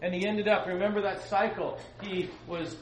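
A man's voice: sits high, moderate pace, slight background noise. A man teaching a casual Bible class, retelling the story with jokes and asides to his students. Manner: joking, lively storytelling with asides. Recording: echoey room.

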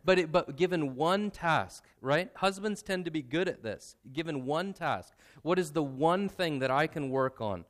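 A young adult pastor with a slightly high, animated voice gives a sermon in a conversational, self-deprecating style, slowing down to stress key points.

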